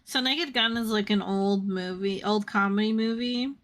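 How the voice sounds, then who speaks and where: A woman's voice: medium pitch, moderate pace. A woman chatting casually on a live stream, retelling movie scenes with lots of laughter and the odd swear word. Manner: animated storyteller, laughs often, swears casually.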